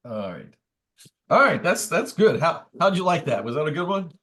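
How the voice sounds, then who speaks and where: A man's voice: on the high side, very animated, moderate pace, fairly bright tone. A man, a priest, teaching a book study group in a conversational, thoughtful way with wry asides. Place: church meeting room.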